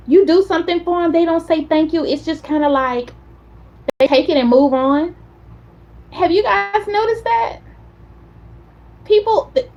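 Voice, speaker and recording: Woman host with a high voice, chatty and animated, casual stream talk, muffled lo-fi sound. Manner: chatty, animated storyteller, talks straight to viewers. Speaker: content creator host. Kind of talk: casual livestream chat.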